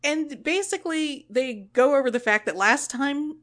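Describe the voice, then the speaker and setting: A woman's voice: sits high, normal speed. A woman co-hosting a podcast, chatting casually and sarcastically as she recaps a TV episode, acting out the characters' lines. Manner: animated, sarcastic, quotes characters in little voices. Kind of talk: casual chat.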